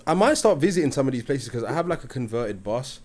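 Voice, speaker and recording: Chill guy hosting a live stream, slangy, reads out chat, middle pitch. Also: big pitch swings, quick pace, a little mellow. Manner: laid-back slangy talk, reads chat aloud. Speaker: live stream debate host.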